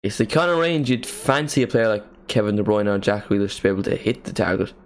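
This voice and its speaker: A man hosting a live match watchalong, giving casual play-by-play commentary with jokey asides and excited calls. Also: lowish voice, fast.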